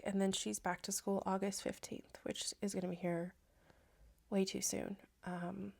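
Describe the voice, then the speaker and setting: A young woman, a stay-at-home mom, talking to camera in a casual vlog, soft and reflective with many hesitant fillers. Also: mid-range voice. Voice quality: gravelly vocal fry.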